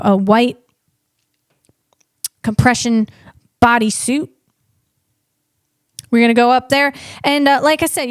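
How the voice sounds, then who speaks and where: A woman with a high voice rambles through a comic podcast monologue, restarting her sentences as she goes. The sound is dry and close, with no room around it. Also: smooth, dry recording. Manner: rambling, animated, with frequent restarts. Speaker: comedian podcast host. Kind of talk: comedic monologue.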